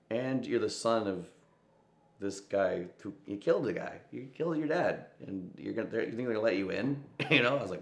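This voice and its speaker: A young man, a musician, telling a personal story in an interview, reflective and often quoting others in a soft voice. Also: fairly low pitch, animated, fairly quick, vocal fry, roomy sound. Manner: reflective, quotes voices with soft asides and laughs.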